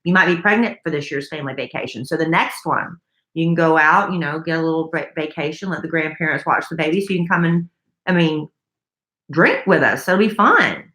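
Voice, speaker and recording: A woman's voice: sits low, lively intonation, a little fast, a bit bright, reverberant. A woman co-hosting a podcast, reading listener mail in a chatty, enthusiastic way. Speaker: podcast co-host.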